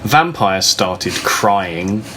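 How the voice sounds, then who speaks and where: A man giving a comedic reading of a story, laughing often and shouting the characters' lines. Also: deep voice, animated, extremely slow, slight background noise. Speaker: reader. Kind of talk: comedic dramatic reading of fan fiction.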